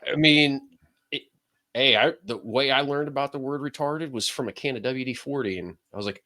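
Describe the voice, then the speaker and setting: A man's voice: mid-range voice, normal speed, bright, forceful tone, dry recording. A man co-hosting a podcast, trading edgy jokes and banter in casual chat. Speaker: podcast co-host.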